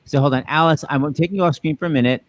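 A man's voice: a little high, very fast, no room sound, poor audio. A man hosting a casual video-call chat, teasing his guests. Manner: playful, teasing. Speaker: host.

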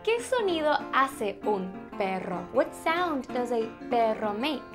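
Woman, children's teacher, sing-song, slightly high voice, music behind. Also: big pitch swings. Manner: cheerful, slow and sing-song, playful animal sounds. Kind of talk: singing and teaching toddlers.

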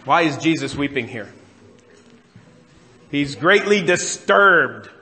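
A man's voice: on the high side, animated, takes it slowly, pushed and bright, big-room sound. A man preaching a sermon as pastor, talking in a conversational way and putting questions to the congregation. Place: church sanctuary.

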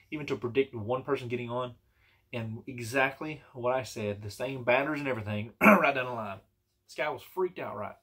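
A man's voice: mid-range voice, fairly bright tone, husky. A man telling a personal story in a casual, rambling and earnest way, with many restarts and fillers. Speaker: vlogger telling personal stories.

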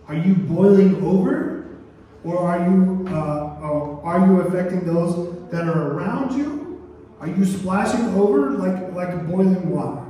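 A man's voice: a little high, a little hiss or hum. A male pastor preaching a sermon, telling stories and firing questions at his congregation. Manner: animated preaching with call-and-response questions. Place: church sanctuary. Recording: roomy church hall, mic at a distance.

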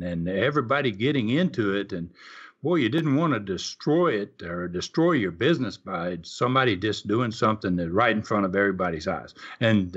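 An older former wrestler tells folksy stories in a casual interview, full of fillers and restarts. His voice sits on the low side with a fairly bright, slightly rough tone, and the lo-fi recording sounds slightly dull.

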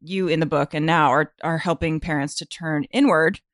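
A woman with a somewhat low voice hosts a podcast conversation. She listens with many short replies and thinks aloud as she builds her questions. The recording is close and dry. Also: steady tone, normal speed, no echo. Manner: warm listener, frequent backchannels and laughter. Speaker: podcast host. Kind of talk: casual interview.

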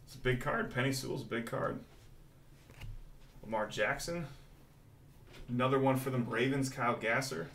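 A man hosting a live card-breaking stream, calling out each pull with hyped excitement. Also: medium pitch, moderate pace, pauses often. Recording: roomy echo from mic distance, faint noise.

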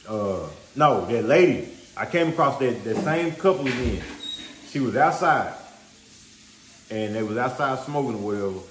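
A man's voice: fairly low pitch, roomy sound. A man hosting a vlog, telling a story casually and animatedly in slangy speech. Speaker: vlog host.

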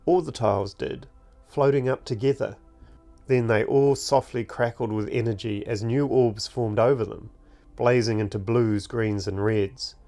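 Man narrating a fantasy storybook, measured pace, medium pitch, unhurried. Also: fairly even intonation, creaky, mellow, soft background music. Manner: slow, deliberate reading.

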